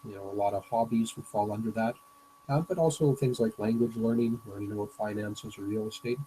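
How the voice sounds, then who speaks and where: A man's voice: lowish voice, a little fast, dark tone, slight background noise, poor audio. A man, a business coach, giving a presentation lecture in a hesitant way, with frequent fillers and restarts.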